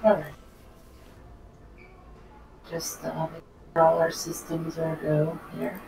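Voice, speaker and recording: A woman's voice: low-pitched, monotone, slow, dark tone. A woman playing a game with friends, giving brief, laid-back replies. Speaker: co-player. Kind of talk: casual chat while playing a game. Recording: distant mic, echoey room, clear noise.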